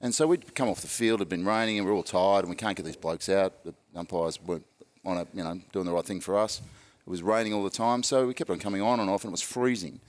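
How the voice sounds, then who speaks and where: This middle-aged Australian man has a lowish voice and a brisk pace. He tells his anecdotes drily and lets them wander. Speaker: podcast guest, former cricketer. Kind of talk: casual chat, storytelling.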